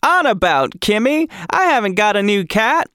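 An older grandmother with an attempted Cockney accent snaps her lines in a high, clipped voice, put on by a man reading a listener's letter. The sound is dry and close. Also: very animated, moderate pace, bright, forceful tone, clean tone, no echo, full character voice. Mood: dismissive.

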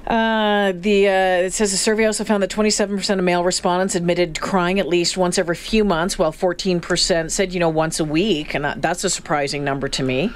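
A woman's voice: fairly low pitch, fairly even intonation, a little fast, hardly any pauses. A woman co-hosting a radio talk show, chatting casually and reading out survey figures. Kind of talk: casual on-air chat.

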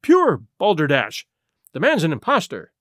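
A man's voice: a little high, wildly swooping pitch, moderate pace, dry recording, clean studio sound. A man voicing an irate elderly expert scholar who blusters with contempt. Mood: contemptuous rage. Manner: snorting, blustering.

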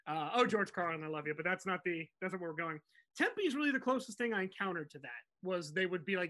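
A man hosting a podcast, telling a music story in an animated, digressive way. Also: sits high, fairly quick. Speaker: podcast host.

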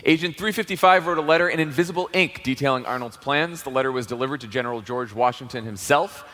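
A man telling a comic story as a quiz panelist, lively and laughing. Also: mid-range voice, fast, in a large hall. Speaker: comedy panelist.

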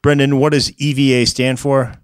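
A man's voice: mid-range voice, level tone, moderate pace, clear, resonant tone, dry recording, clean studio sound. A man co-hosting a podcast, chatting casually with wry jokes and frequent fillers. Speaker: podcast co-host. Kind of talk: casual comedic banter.

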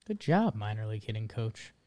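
Laid-back man talking baseball, smooth voice. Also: lowish voice, very animated, brisk, warm tone. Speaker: podcast co-host. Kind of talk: casual sports chat.

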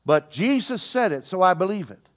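A man's voice: sits high, sing-song, normal speed. A middle-aged male pastor preaching a sermon with call-and-response and swelling emphasis.

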